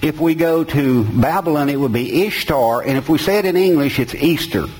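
A man's voice: on the high side, normal speed, darkish tone, breathy edge, low-quality recording. A man, preaching an emphatic sermon and speaking straight to his listeners.

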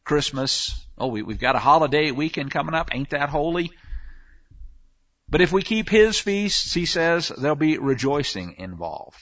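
A man's voice: fairly high pitch, a bit bright, lo-fi sound. A man preaching a sermon on scripture, emphatic, often asking the listeners rhetorical questions. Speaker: Bible teacher.

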